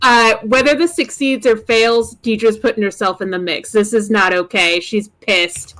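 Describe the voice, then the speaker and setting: A woman player in a tabletop role-playing game, blunt and quick to swear. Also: medium pitch, steady tone, fairly bright tone. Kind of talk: casual tabletop game play.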